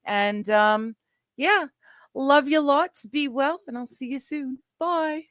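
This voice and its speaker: A woman's voice: high-pitched, slow, fairly bright tone, no room sound. A woman hosting a casual live stream chat, reading chat messages aloud and laughing easily. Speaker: stream host.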